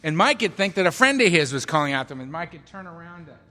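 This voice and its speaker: A middle-aged man speaking to a recovery meeting, his pitch jumping high and low as he tells a self-mocking story. His voice is bright and forceful and rings out into a long hall reverb. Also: very animated, very fast. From United States. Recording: hall reverb, live talk recording.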